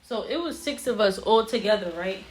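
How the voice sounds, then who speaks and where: A woman's voice: medium pitch, normal speed. Young woman telling a story, echoey room. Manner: animated storyteller with casual slang, acting out others' voices. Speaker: vlogger. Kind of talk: storytime vlog. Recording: roomy echo with faint ambient noise.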